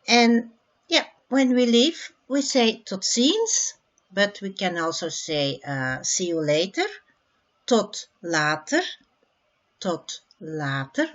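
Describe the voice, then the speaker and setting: Slow-speaking Flemish woman teaching beginners. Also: medium pitch, muffled recording. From Belgium. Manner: slow, repeats phrases for learners. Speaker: language teacher. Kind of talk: beginner language lesson.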